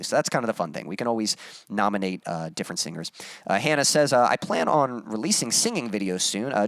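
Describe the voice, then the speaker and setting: Young guy musician rambling on his live stream, smooth clear voice, dry close sound, lots of ums. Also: lowish voice, a bit bright, no room sound. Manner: rambling, many fillers and restarts, demonstrates vocal exercises. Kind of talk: casual live-stream chat, reading viewer comments.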